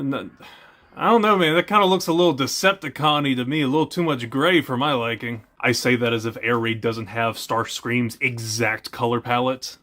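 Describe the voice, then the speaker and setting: Excitable young man commenting on gameplay. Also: medium pitch. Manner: excitable, rambling, jokey. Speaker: gaming channel host.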